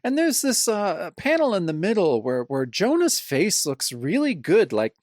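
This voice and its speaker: A man's voice: high voice, big pitch swings, a little slow, darkish tone, dry recording, studio quality. A man co-hosting a casual comic book podcast, talking bluntly and swearing now and then. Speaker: podcast co-host.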